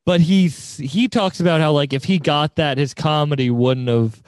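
A young man hosts a casual podcast, tossing out probing, rambling questions. His voice sits a little high for a man, and the sound is dry and close. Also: normal speed, no echo. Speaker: podcast host.

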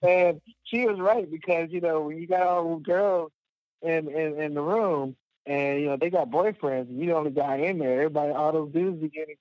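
A man's voice: a little high, a little fast, no room sound. Man telling a rambling story, dull recording. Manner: rambling, many fillers, laughs at own story. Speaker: guest. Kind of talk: casual storytelling. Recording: dull lo-fi dry sound.

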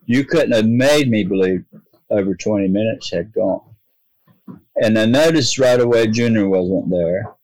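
A man's voice: on the low side, a little mellow, dry recording, low-quality recording. A man, earnestly telling a long personal story in a rambling way, often restarting his sentences. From North Carolina, US. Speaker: guest telling his own experience. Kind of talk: casual storytelling.

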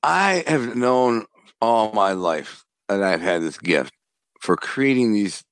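A man, a former mob enforcer and author, telling animated, slangy stories in an interview. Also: fairly low pitch, slow pace, dry recording. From Detroit. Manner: animated, streetwise storytelling with slang and acted-out dialogue. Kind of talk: casual storytelling interview.

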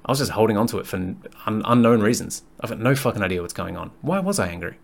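A male fitness coach hosting his own podcast, speaking in a somewhat low voice. He talks frankly and bluntly, swears freely, and rambles in a loose, conversational way, as if thinking out loud. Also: expressive, fast talker, creaky. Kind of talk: candid solo podcast monologue.

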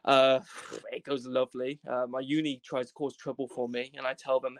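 A young man from Wales telling a comedic travel story as a podcast guest, animated, in quick bursts, swearing and acting out voices. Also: medium pitch, no echo. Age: young adult.

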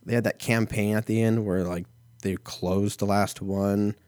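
A man's voice: fairly low pitch, fairly even intonation, a little slow, darkish tone, no room sound, studio quality. A man in his thirties telling a rambling, profane everyday story in a casual solo chat, full of fillers like "like" and "you know.". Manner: rambling, heavy swearing, lots of fillers.

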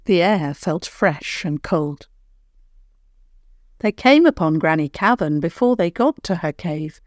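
A woman storyteller reads a children's tale in a calm, soothing manner. She speaks very slowly in a lowish voice. The recording is close and dry, with no room sound. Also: dry recording. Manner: slow, soothing, unhurried. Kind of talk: calm bedtime story narration.

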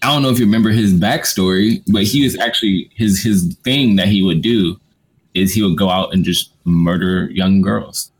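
A man's voice: sits low, normal speed, husky. A man co-hosting a casual podcast chat, laid-back and slangy. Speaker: podcast co-host.

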